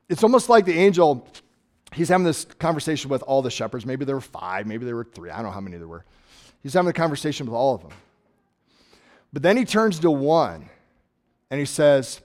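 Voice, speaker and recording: A man preaching a sermon in a conversational, reflective way, slowing down to stress key words. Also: a little high, very animated, a little mellow. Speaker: pastor.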